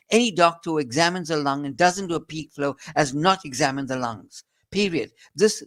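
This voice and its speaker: A man's voice: fairly high pitch, a bit bright. A man with a South African accent, a doctor explaining in an interview, earnest and emphatic, often restarting his sentences.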